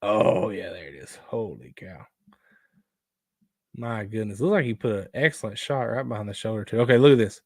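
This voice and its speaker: A man hosting a casual outdoors live stream, rambling and excitable as he reacts to viewer photos. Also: fairly low pitch, normal speed, no echo, clean studio sound. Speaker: outdoors show host.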